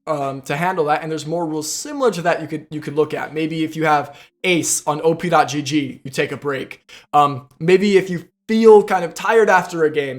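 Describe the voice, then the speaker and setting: A man who coaches a video game, talking casually and explaining to viewers, often checking in with "right?". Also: on the high side. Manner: conversational, repeats "right?" and "like". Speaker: League of Legends coach. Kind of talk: casual explanatory talk to camera.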